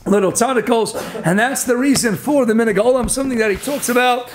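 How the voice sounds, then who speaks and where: A man giving a lively Torah lecture as a rabbi. He laughs often and mixes Hebrew and Yiddish terms into his talk. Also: very high-pitched, fast, background noise.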